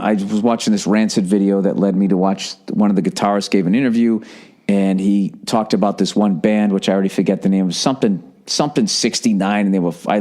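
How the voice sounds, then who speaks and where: A man in his fifties with a Boston accent, hosting a podcast in casual, profane and animated chat. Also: lowish voice. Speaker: podcast host.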